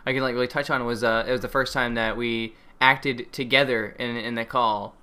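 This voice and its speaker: Young male guest, casual chat, bright tone, self-deprecating and quick to laugh. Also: medium pitch, steady tone, clean tone. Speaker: co-creator guest. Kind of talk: casual behind-the-scenes chat.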